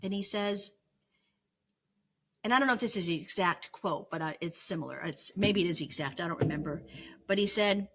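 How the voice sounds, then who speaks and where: A woman's voice: fairly low pitch, moderate pace, pauses often, fairly bright tone. A middle-aged woman talking candidly in a personal vlog from her bedroom, earnest and confessional with flashes of self-mocking humor. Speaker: vlogger sharing her illness recovery. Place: home bedroom.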